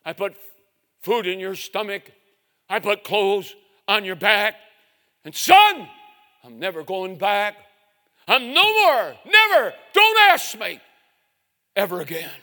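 A man's voice: fairly high pitch, steady tone, a little slow. A man voicing a stern, stubborn working father who refuses his son firmly. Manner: stern and forceful. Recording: reverberant hall.

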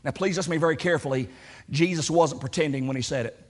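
A man preaching a sermon with passion, building to near shouts and slowing down for emphasis. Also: fairly high pitch. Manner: impassioned, rising to near shouts when voicing Jesus' prayer; slows down for emphasis, repeats words.

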